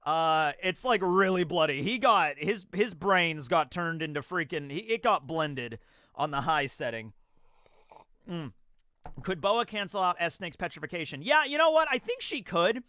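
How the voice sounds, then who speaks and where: A man hosting a live chapter reaction, rambling and correcting himself, now and then jumping into quick character voices. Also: fairly high pitch, expressive, sharp tone, smooth, dry recording. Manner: rambling, self-correcting, bursts into acted character lines. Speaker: reaction channel host.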